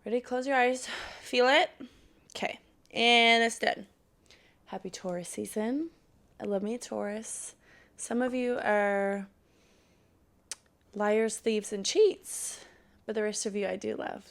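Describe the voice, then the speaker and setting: Young woman podcast host, bit of vocal fry, frank and sweary, hypes herself up. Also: a little high, fairly even intonation, takes it slowly, long pauses, fairly bright tone. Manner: frank and profane, playful then fired-up pep talk. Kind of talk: casual solo podcast chat.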